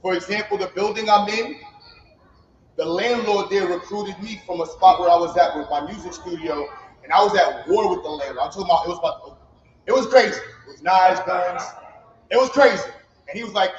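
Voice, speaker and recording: Captured on a roomy, slightly dull livestream with faint ambience, a founder gives a heartfelt, casual commencement address in an event hall. He talks a little fast in a high voice, using emphatic street talk, and slight background noise comes through.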